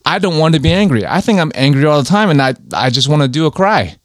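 A man's voice: a little high, expressive, quick pace, dry recording, studio quality. Rambling man chatting on a podcast. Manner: rambling, restarts often, laughs between thoughts. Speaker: podcast co-host. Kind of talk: casual chat.

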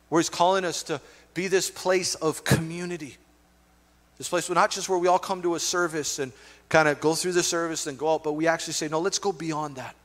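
Middle-aged man, pastor, casual storytelling sermon, higher-pitched voice, church hall reverb. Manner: conversational, animated storytelling with asides.

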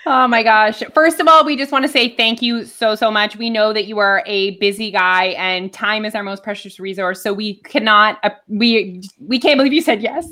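A woman's voice: medium pitch, moderate pace, few pauses, bright, forceful tone. A woman co-hosting a podcast, gushing and giggly, with lots of "like" and "um". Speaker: podcast co-host. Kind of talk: casual podcast interview.

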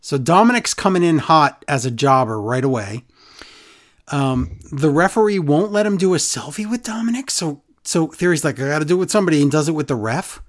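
In a medium-pitched voice and at a fairly quick clip, a podcast host goes over a wrestling show. His casual recap is animated and sarcastic, with quoted lines performed in other voices.

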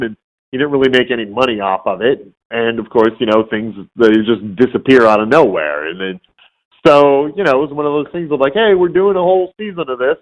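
A man speaking as a guest in a relaxed interview, his voice sitting at an ordinary middle pitch. He tells his stories with lively energy and slips into exaggerated voices for the people he quotes. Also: dull audio. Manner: animated storyteller who acts out quoted voices. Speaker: voice actor guest. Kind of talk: casual interview storytelling.

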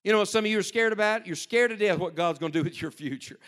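Higher-voiced male preacher telling stories. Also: fast talker, few pauses, clear, resonant tone. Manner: storytelling, swings between hushed and loud urgent emphasis. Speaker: pastor. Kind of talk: sermon to young people.

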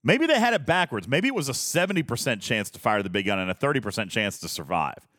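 A man's voice: medium pitch, big pitch swings, fast talker, a bit bright, dry recording, studio quality. A man hosting a casual live stream, rambling, laughing often and reading chat messages aloud. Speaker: streamer host.

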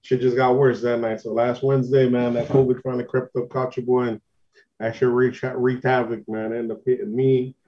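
On a lo-fi recording, a man co-hosting a podcast rambles through a long, slangy story at a moderate pace. His medium-pitched voice barely moves in pitch, and he's recovering from an illness that hasn't fully cleared.

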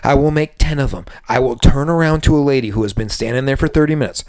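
A man co-hosting a casual podcast, animated and swearing, who mimics customers in high voices. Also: quick pace, dry recording, studio quality. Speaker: podcast co-host. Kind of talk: casual chat.

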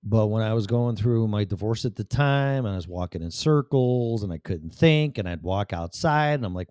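A middle-aged vlogger talks candidly to the camera in a blunt, rambling, profane personal monologue. His voice sits on the low side and sounds warm and animated, moving at normal speed with hardly any pauses. The audio is studio quality with no echo.

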